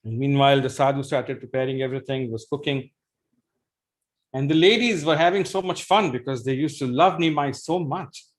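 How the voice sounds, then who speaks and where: A man's voice: mid-range voice, brisk. A man telling a devotional story to an audience, acting out the voices of its figures. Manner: animated, acts out voices.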